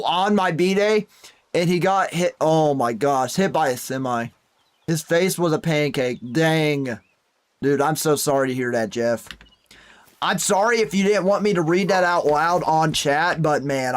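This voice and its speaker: A young man streaming a hunting game, chatting casually and reading viewer messages aloud with folksy exclamations. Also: fairly high pitch. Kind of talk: casual live-stream commentary.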